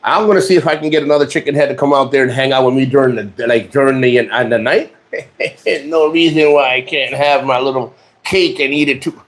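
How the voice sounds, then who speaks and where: A man's voice: medium pitch, brisk. A man vlogging from a rented room, joking crudely and rambling with lots of restarts. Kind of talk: casual chat to camera.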